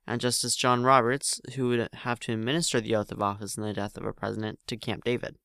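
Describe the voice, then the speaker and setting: Guy reading a story out loud, clear smooth voice, trips over words sometimes. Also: medium pitch, little pitch movement, fast, dry recording, clean studio sound. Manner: plain reading with frequent slips and restarts. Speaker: narrator. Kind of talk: amateur read-aloud story narration.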